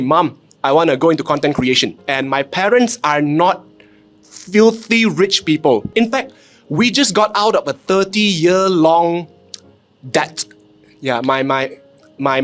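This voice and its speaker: A man from Penang speaking Malaysian English, telling stories animatedly on a panel with joking "lah" tags. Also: fairly high pitch. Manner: animated storytelling with frequent "lah" tags and self-deprecating jokes. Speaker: content creator, panel guest. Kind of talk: casual panel talk.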